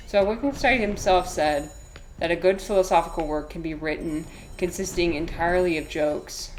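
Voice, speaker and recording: Giggly, chatty woman streamer, slightly low voice. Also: unhurried, a little mellow, slight background noise. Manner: chatty, giggly, self-deprecating, reads chat aloud. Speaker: livestreamer playing a game. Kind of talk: casual live-stream chat.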